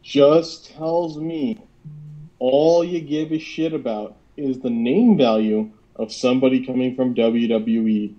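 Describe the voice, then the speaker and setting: A man co-hosting a casual wrestling talk show over an online call, measured and agreeable, reasoning his points aloud. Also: medium pitch, highs cut off. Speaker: podcast co-host.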